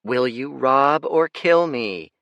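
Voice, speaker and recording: A man's voice: fairly high pitch, big pitch swings, unhurried, bright, forceful tone, dry recording, voice pushed up, heavily acted. A man doing a blunt, teasing young woman. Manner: matter-of-fact, bluntly teasing.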